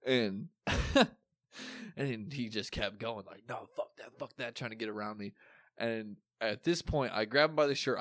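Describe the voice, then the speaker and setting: A young man with a low voice recounts a wild night in loose, profane chat, jumping into the voices of the people in his story. The recording is dry and close, with no room sound. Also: dry recording. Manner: animated, swearing, acts out quotes.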